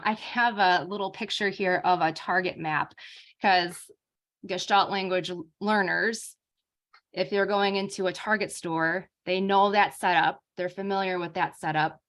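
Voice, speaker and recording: A woman's voice: lowish voice, fairly bright tone. Casual woman giving an informal lecture. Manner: casual, uses many fillers like um and like. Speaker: speech therapist presenter.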